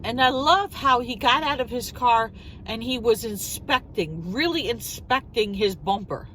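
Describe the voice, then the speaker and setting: A middle-aged woman vlogger tells a story while eating, animated and incredulous, firing off rhetorical questions. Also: fairly high pitch, a little slow, slight background noise, low-quality recording.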